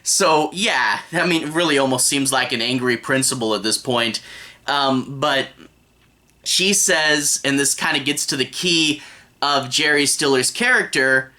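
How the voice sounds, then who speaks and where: A man's voice: mid-range voice, measured pace, sharp tone. A young man giving a casual, rambling spoken review of a TV episode. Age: young adult. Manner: rambling, conversational, with frequent restarts.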